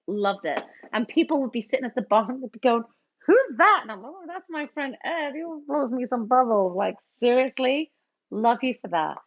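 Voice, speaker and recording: A woman's voice: a little high, fairly bright tone. A middle-aged woman casually chatting and greeting viewers while she mixes cocktails on a livestream. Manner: chatty, playful, reads out viewer names. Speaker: livestream bartender host. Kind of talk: casual livestream chat while mixing drinks. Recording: dull lo-fi stream audio.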